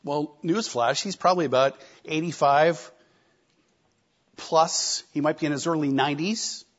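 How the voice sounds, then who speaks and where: A man preaching a sermon, emphatic, with rhetorical questions and shifting loudness. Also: on the high side, unhurried. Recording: slightly dull lo-fi recording.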